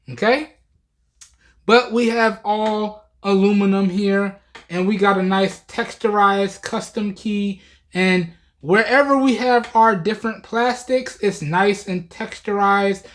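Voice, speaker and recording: A man's voice: high voice, fairly even intonation, slow pace. A man in a casual tech review, talking right at his viewers in a loose, chatty way. His voice sounds tired and a bit worn, but he keeps things easygoing and conversational. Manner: chatty, addresses viewers directly as y'all.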